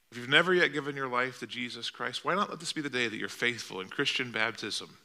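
A man's voice: medium pitch, pushed and bright. A male pastor preaching a sermon in a church, telling a story with vivid, dramatic delivery. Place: church sanctuary.

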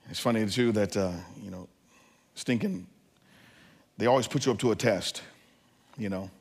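A man preaching as a pastor, telling a family story with lively asides to the congregation. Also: medium pitch. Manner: animated, acts out family scenes. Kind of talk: sermon.

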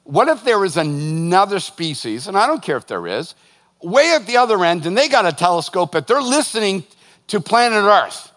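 A man, a pastor preaching a sermon, lively and joking as he tells stories to his congregation. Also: high voice, moderate pace. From northern United States. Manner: lively, joking, animated storytelling. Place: church hall. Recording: long hall reverb.

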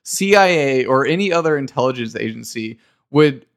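A man's voice: medium pitch, animated, normal speed. A man co-hosting a podcast, talking casually in a rambling way with lots of fillers. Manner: rambling, with frequent fillers and laughter. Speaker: podcast co-host. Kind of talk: casual chat.

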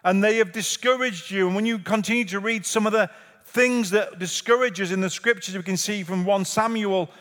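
A man's voice: sits high, moderate pace, a bit bright. A man pastor giving a sermon in a church, earnest and repetitive, driving points home with rhetorical questions. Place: church sanctuary. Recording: reverberant church hall.

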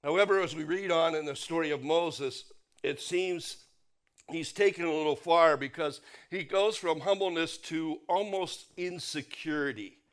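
A man preaching a sermon, emphatic, repeating key phrases and dropping his voice low on the punch lines. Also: a little slow. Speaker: pastor.

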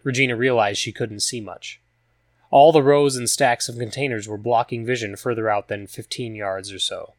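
A man reading a story aloud as a narrator, in an even, measured storytelling manner. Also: medium pitch, no echo, clean studio sound. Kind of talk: scripted audiobook narration.

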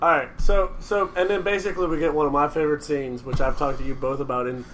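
A man co-hosting a podcast in casual chat, telling stories excitably and profanely, acting out the quotes. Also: fairly high pitch, quick pace, noisy background.

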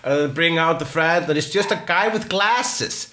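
A man telling a story in casual chat, halting and full of fillers and restarts. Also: fairly high pitch, pushed and bright.

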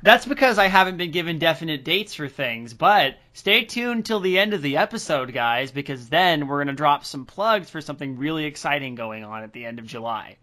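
A man's voice: fairly high pitch, expressive, a little fast, few pauses, sharp tone. A man hosting a casual podcast, rambling with lots of fillers as he reads listener mail. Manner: rambling, filler-heavy, upbeat. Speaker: podcast host.

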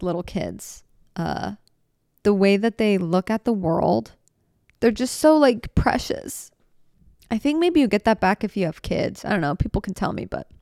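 A woman's voice: mid-range voice, gravelly, a little mellow, no echo, studio quality. Earnest rambling woman podcaster. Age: 20s. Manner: rambling, earnest, heartfelt, self-interrupting. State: tearful at times. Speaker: podcast host. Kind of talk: casual solo podcast talk.

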